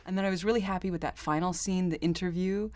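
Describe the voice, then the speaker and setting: A woman actress telling behind-the-scenes stories in a chatty, animated interview, often laughing. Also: lowish voice, quick pace. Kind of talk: casual interview anecdotes.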